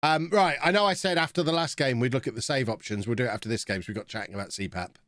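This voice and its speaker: Male streamer, thirties, mid pitch, dry close sound, loose casual chat reacting to the match. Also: very fast, fairly bright tone, no room sound. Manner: chatty, reacting to the game as it plays. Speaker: game streamer.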